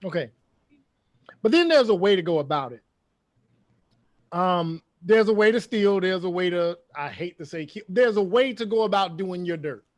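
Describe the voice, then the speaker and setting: High voiced guy hosting, dry mic, makes his point over and over. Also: expressive, moderate pace, long pauses, no room sound. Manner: emphatic, repeats points. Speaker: podcast host. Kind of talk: casual opinion chat.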